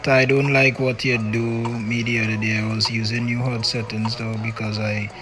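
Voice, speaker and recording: A man's voice: mid-range voice, normal speed. Teasing male game streamer. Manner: animated, teasing, keeps tacking on "boy". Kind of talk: live gaming stream chatter. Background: music.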